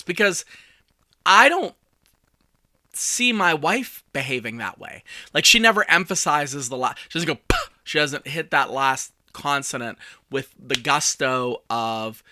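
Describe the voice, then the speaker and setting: A man's voice: medium pitch, bright, forceful tone, no room sound. A man in his forties who hosts a podcast as a communication coach, telling stories in a chatty way with self-deprecating asides. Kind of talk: casual solo podcast talk.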